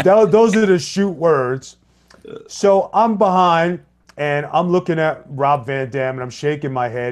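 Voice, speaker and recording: A man's voice: mid-range voice, a little mellow. A middle-aged man, a former wrestler, casually telling a story in a blunt, plain-spoken way, voicing both sides of the dialogue in his own voice. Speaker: former pro wrestler and co-host.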